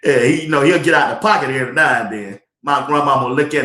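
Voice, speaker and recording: A man's voice: a little high, quick pace, few pauses, bright, forceful tone, echoey room. A man hosting a casual sports talk livestream, joking and laughing often as he talks in folksy slang. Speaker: sports talk show host.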